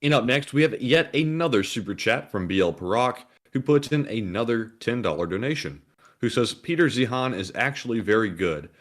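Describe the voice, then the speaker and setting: A man's voice: mid-range voice, animated, normal speed. A man co-hosting a livestream, reading donations and viewer messages aloud in a plain, announcer-like way. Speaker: co-host reading super chats. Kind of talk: casual livestream chat.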